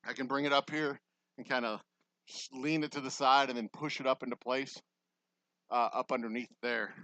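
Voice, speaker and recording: A man with a Texan accent and a bright, forward voice narrates his own construction work for a vlog. He thinks aloud and makes self-deprecating asides to viewers. The camera mic picks him up as he moves around the site. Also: medium pitch, no room sound, low-quality recording. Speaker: distillery owner vlogging construction. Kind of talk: casual vlog while working. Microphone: camera mic, moving around off camera.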